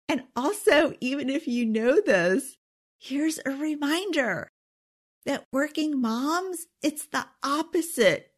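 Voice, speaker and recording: A middle-aged woman hosting a podcast in a casual, emphatic way, often asking "okay?" and laughing. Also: a little high. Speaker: podcast host. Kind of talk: casual solo podcast talk.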